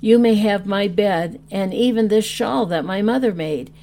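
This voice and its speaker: A woman's voice: medium pitch, measured pace, mellow, close to an everyday voice. A woman reading as a humble little shepherd boy. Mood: pleading. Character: small humble shepherd boy, earnest and tender.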